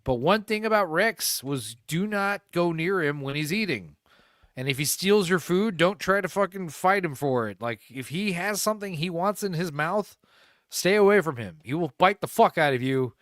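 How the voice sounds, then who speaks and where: A man's voice: high-pitched, lively intonation, normal speed, fairly bright tone, no echo, clean studio sound. A young man co-hosting a podcast, telling stories in a rambling, profane way, laughing often and acting out quotes. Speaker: podcast co-host. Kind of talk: casual storytelling chat.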